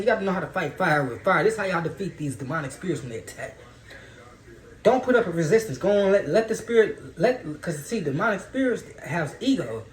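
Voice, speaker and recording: A man giving a loose, profane, preachy spiritual monologue in casual talk. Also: high-pitched. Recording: roomy echo.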